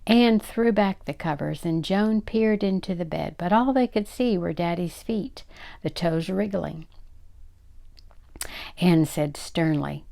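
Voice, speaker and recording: An older woman reading a children's story aloud, expressive and giving the characters their own voices. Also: on the low side, takes it slowly, gravelly.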